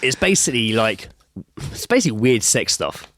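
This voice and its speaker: A man's voice: mid-range voice, big pitch swings, moderate pace, fairly bright tone, a little hiss or hum. A man co-hosting a podcast, chatting casually and reading odd news stories aloud with lots of giggling. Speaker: podcast co-host.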